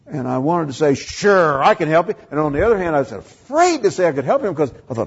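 Gravelly older man preaching. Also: animated, fast talker, hardly any pauses, dull audio. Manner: storytelling, acting out dialogue with rising pitch. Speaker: pastor. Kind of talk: sermon.

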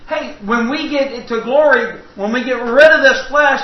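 A man's voice: very high voice, moderate pace. A middle-aged man preaching a sermon, telling folksy stories and asking the congregation questions. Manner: folksy storytelling with audience asides. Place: church sanctuary. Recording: roomy, distant, muffled church recording.

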